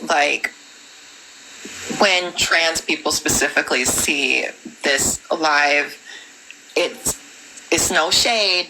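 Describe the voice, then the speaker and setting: Measured woman guest on a live debate. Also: sits low, pushed and bright, a little hiss or hum, poor audio. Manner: measured, conversational, self-described sensitive. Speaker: livestream guest.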